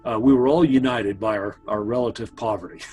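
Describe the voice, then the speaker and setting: A man's voice: fairly low pitch, a little fast, a little mellow, slightly rough, soft background music, rough recording. A man casually telling his brother old family stories, meandering with asides to his listener. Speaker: family storyteller. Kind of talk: casual spoken storytelling.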